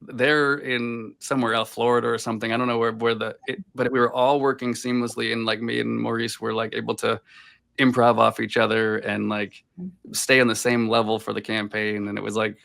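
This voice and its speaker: A man's voice: mid-range voice, little pitch movement, a little fast, gravelly, fairly bright tone. A man from Boston, a voice actor guest, telling rambling anecdotes in a casual interview over a video call. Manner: rambling anecdotes full of filler "like".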